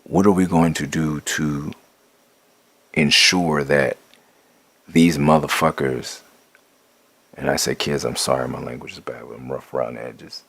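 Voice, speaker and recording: Blunt profane man with a very deep gravelly voice. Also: steady tone, unhurried, pauses often, fairly bright tone, no room sound. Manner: blunt and profane, restarts and builds to raised intensity. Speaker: rapper sharing his views. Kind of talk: impassioned spoken monologue.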